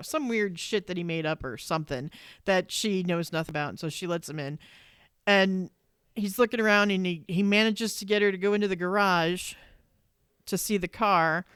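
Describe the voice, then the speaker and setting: A woman co-hosts a podcast in loose, casual chat, with a smooth, clear voice recorded close and dry. She talks animatedly and swears freely, and she acts out her own exasperated reactions. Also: medium pitch, a bit bright, dry recording. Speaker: podcast co-host.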